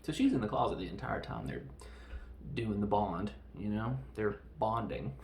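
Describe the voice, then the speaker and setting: Male podcast host, gravelly and loose, self-mocking humor, roomy echo. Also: lowish voice, sing-song, normal speed, darkish tone, a little hiss or hum. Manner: joking, self-deprecating, loose. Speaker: podcast host reviewing a film. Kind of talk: casual rambling film review.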